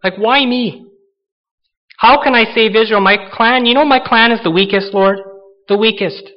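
A man's voice: high-pitched, moderate pace, highs cut off, voice pushed up, lightly acted. A man acting out a fearful, doubting male biblical warrior who protests, stammers and pleads. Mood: pleading. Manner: protesting, stammering, self-pitying.

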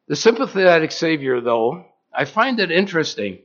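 Male preacher with a fairly high voice, plain conversational sermon delivery that questions the congregation, muffled lo-fi recording. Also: very animated, normal speed, a bit bright.

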